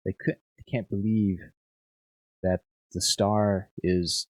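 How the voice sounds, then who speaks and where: A man's voice: on the low side, little pitch movement, slow, dry recording. A young man narrating as game master, rambling with lots of fillers and repeated words.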